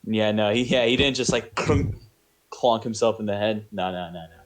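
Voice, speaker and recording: A man's voice: fairly low pitch, moderate pace. A man narrating as game master in a casual tabletop session, his voice sore, talking loosely with lots of fillers. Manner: loose, filler-heavy, laughing.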